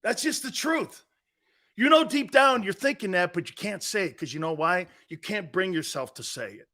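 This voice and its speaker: A man hosts a sports talk show with a sharp tone, a high voice and lively intonation at a normal speed. His opinionated radio rant is blunt and combative, and he mocks other people's views by imitating them.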